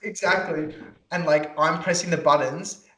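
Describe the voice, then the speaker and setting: A man's voice: fairly high pitch, fairly even intonation, moderate pace, sharp tone, roomy sound. A young man, co-hosting a casual podcast and ranting, swearing freely. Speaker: podcast co-host. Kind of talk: casual chat.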